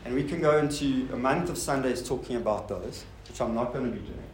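A man's voice: medium pitch, a little fast. Male preacher, mid-range voice, casual rhetorical sermon, echoey hall with faint hiss. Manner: rhetorical questions, informal asides to the congregation. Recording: roomy hall sound with faint noise.

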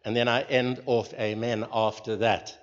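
A man leading a church group, giving an informal sermon in a slow, earnest way and putting questions to the listeners. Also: mid-range voice, level tone. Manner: slow, earnest, pauses between phrases. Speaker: leader of a church group meeting. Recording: dull recording with long hall reverb.

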